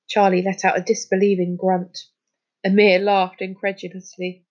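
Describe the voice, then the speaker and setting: A woman narrating a children's story, reading aloud in a clear, even way. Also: medium pitch, unhurried, lo-fi sound. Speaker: storybook reader.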